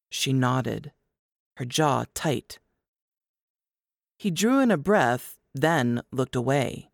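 Woman, audiobook narrator, low voice, lively intonation, slow, dry. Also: gravelly, dry recording. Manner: measured, expressive storytelling.

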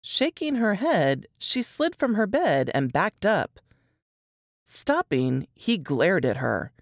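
A woman with a low voice reads her own story, lingering over each phrase. Her delivery is expressive, with lively swings of pitch, and the recording is close and dry. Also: takes it slowly, no echo. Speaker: author reading her story. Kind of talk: dramatic fiction reading.

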